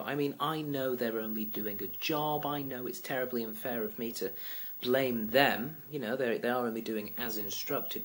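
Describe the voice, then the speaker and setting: A man, venting in a rambling, self-deprecating casual monologue to his vlog viewers. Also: mid-range voice. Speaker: vlogger.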